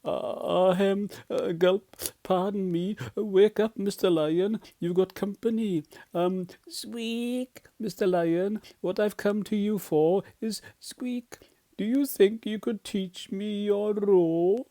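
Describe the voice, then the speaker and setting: A man doing a squeaky timid storybook mouse. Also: slow pace, mellow, no echo. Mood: timid, nervous. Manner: nervous, hesitant, squeaky. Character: timid little male mouse.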